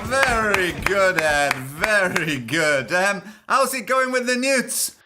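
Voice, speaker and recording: A man's voice: sits high, sing-song, takes it slowly, over loud music. A man hosting a comedy podcast, chatty and wry, with rambling asides. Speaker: podcast host.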